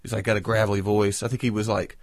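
A man's voice: lowish voice, quick pace, no room sound, studio quality. A man co-hosting a podcast, chatting casually and telling rambling, joking stories. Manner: rambling, joking, animated storytelling. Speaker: podcast co-host. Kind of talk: casual chat.

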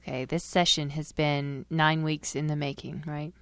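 A woman co-hosting a podcast, telling an animated story and giggling often. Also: deep voice, moderate pace, smooth, no room sound. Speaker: podcast co-host. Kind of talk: casual chat, storytelling.

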